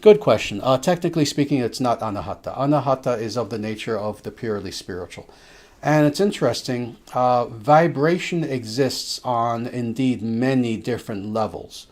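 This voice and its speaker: A man speaking as a spiritual teacher, answering listeners' questions in a slow, emphatic way with soft filler sounds. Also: mid-range voice.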